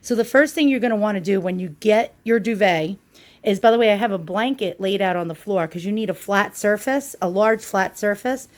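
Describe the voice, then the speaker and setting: New York woman, mid-pitched, casual how-to demo, chatty with fillers. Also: a little fast. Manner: chatty, with frequent ums and uhs. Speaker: product demonstrator.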